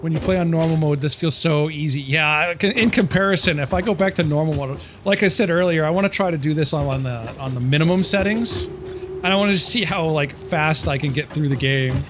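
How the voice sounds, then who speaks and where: Male streamer, casual live play-by-play, somewhat high voice, audible background noise. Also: a little fast. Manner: chatty, easily confused, reacts to chat aloud. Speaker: game streamer. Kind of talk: casual live gameplay commentary.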